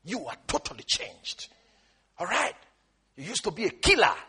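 High-voiced pastor guy preaching, kinda husky, yells scripture and gets the crowd to say stuff back. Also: huge pitch swings, normal speed. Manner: preaching with calls and responses, rising to shouts; quotes scripture in King James wording. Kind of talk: sermon.

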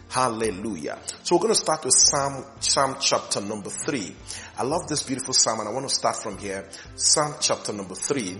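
A male pastor preaching a sermon, reading scripture slowly and repeating key phrases for emphasis. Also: mid-range voice, a bit bright.

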